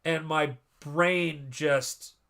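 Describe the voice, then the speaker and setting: A man hosting a live stream, chatting casually in a rambling, animated way and often cutting himself off. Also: fairly high pitch, extremely slow, creaky, clear, resonant tone. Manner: rambling, animated, self-interrupting. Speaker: livestream host and artist.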